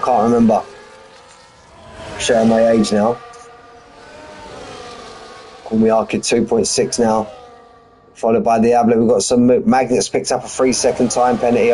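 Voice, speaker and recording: A man's voice: medium pitch, dark tone, a little hiss or hum, poor audio. A man giving live race commentary in a chatty, rambling, jokey way. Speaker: sim racing commentator.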